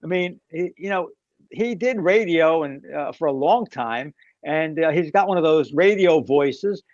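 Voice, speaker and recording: A man chatting in a jokey way, laughing easily. His voice sits high, and the recording is dry and a bit muffled. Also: animated, measured pace, darkish tone, no room sound. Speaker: priest, co-host. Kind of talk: casual chat.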